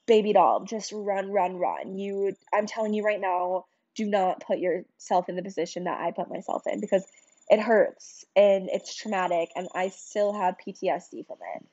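A woman's voice: mid-range voice, normal speed, dark tone. Young woman podcast host, confiding and raw, curses often, muffled lo-fi sound. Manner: emotional, confiding, swears, lots of "like" and "um". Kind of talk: candid personal storytelling.

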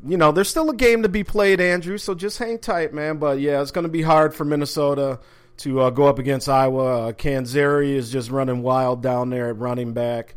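A man's voice: mid-range voice, clear, resonant tone. A man hosting a sports talk podcast from an office, talking casually with plenty of fillers and restarts. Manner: laid-back, chatty, many fillers and restarts. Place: home office.

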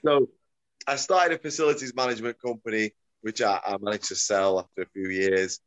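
Speaking a little fast with fairly even intonation, this middle-aged combat-sports promoter rambles through a casual interview, chuckling and correcting himself as he goes. His voice is lowish and the sound is lo-fi.

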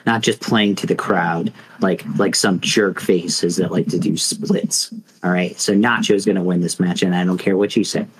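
A man's voice: sits low, steady tone, moderate pace, husky, low-quality recording. A man co-hosting a podcast, telling a mock fight in a rambling, casual way full of fillers. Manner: rambling, filler-heavy storytelling. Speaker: podcast co-host.

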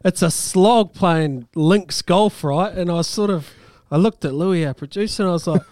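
A man's voice: high voice, moderate pace, no room sound, studio quality. A man with a New Zealand accent co-hosting breakfast radio, chatting casually and laughing often. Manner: chatty, laughs often, warm praise for guests. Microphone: studio mic, dry.

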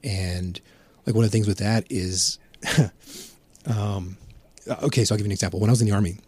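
A man's voice: lowish voice, steady tone, normal speed, a little mellow, slightly rough, dry recording. A man chatting casually on a podcast, telling rambling, profane anecdotes. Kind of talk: casual chat.

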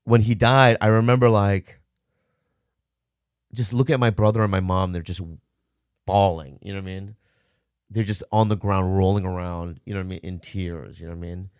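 A man's voice: low voice, steady tone, normal speed, long pauses, a little mellow, smooth, dry recording, studio quality. A man from Minnesota in casual conversation, candidly telling a rambling personal story with lots of fillers.

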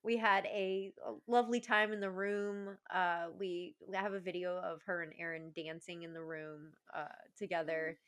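A woman in her thirties, a podcast guest telling warm, emotional stories in casual chat and laughing often. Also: fairly low pitch, fairly even intonation, normal speed, few pauses.

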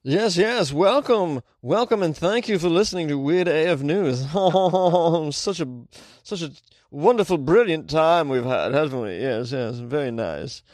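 A man's voice: on the high side, lively intonation, measured pace, a little mellow, voice pushed up. A man putting on a pompous, grandiose announcer voice to welcome listeners to his show.

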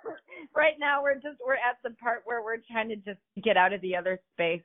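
A guest who runs a vintage furniture business, chatting and joking through an interview. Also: female voice, fairly high pitch, lively intonation, fairly quick. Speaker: podcast guest, business owner. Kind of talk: casual interview. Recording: tinny phone-like sound.

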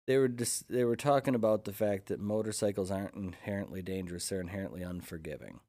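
A man's voice: lowish voice, fast talker, warm tone, dry recording. Upbeat man, dry studio sound. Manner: enthusiastic, upbeat. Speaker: podcast guest. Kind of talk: casual chat.

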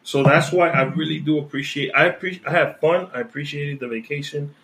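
A man co-hosting a podcast, chatting casually and getting animated as he tells his stories. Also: on the high side, brisk, vocal fry. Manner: excited, talks over others. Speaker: podcast co-host. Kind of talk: casual chat. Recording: echoey room.

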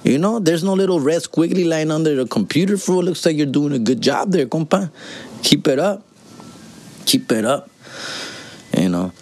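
Pitched on the high side, a slightly mellow male voice with lively intonation moves at a moderate pace and pauses often. He's a podcast host in his forties giving a casual comedic monologue, profane and slangy, mixing English with Spanish and constantly saying "fool" and "dog."

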